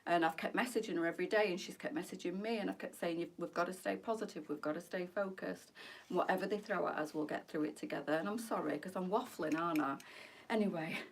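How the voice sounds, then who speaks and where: A woman's voice: fairly low pitch, fast, gravelly, far from the mic. Tearful woman on a live stream. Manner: emotional, tearful, chatty, addresses viewers as girls. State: close to tears. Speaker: live-selling boutique host. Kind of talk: live shopping stream chat.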